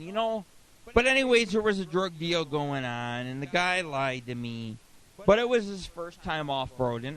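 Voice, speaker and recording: A man's voice: on the high side, poor audio. A middle-aged man hosting a radio talk show, telling crude rambling stories with constant swearing. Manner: profane, rambling, animated.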